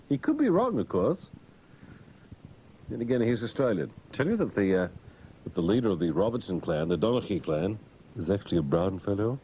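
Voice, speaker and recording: A sardonic male talk radio host with a mellow voice, rising and falling a lot as he mocks and rants. The sound is a dull lo-fi radio broadcast with faint hiss. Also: on the low side. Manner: sardonic, mocking, with put-on silly voices.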